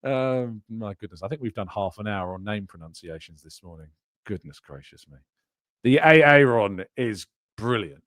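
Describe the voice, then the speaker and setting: A man's voice: lowish voice, animated, normal speed, a bit bright, dry recording, clean studio sound. A man hosting a live fan show, chatting loosely and laughing as he reads out viewer comments. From England. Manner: chatty, rambling, laughs often. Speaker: podcast host. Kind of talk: live-stream chat, reading viewer comments.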